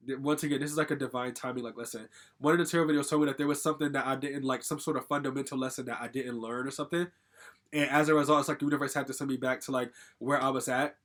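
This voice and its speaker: A man's voice: fairly high pitch, steady tone, racing, a bit bright. A young man from Connecticut telling a personal story in a casual, rambling way, full of "like" fillers and casual swearing. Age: young adult. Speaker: storytime vlogger.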